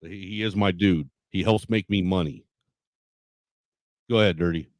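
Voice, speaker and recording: A man's voice: low-pitched, normal speed, no echo, studio quality. A man hosting a casual live stream who laughs a lot and snaps back when someone talks over him. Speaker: stream host.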